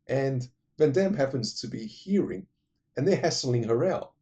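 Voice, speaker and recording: Man retelling a movie, mellow tone, rambling and profane, drops his train of thought. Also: mid-range voice, animated, husky. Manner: acts out the characters' lines in quick impressions. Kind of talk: casual retelling of a film plot.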